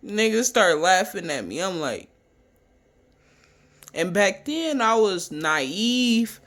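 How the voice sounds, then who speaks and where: A young man casually telling a personal story, profane and animated, acting out the people he quotes. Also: high-pitched, slow pace.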